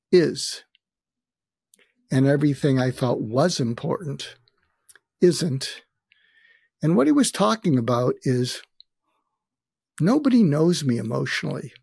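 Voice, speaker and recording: A man's voice: mid-range voice, vocal fry, a little mellow, slightly rough, no echo, clean studio sound. An older man, a guest on an interview show, telling candid personal stories with a wry touch and often quoting what others said to him. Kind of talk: reflective storytelling.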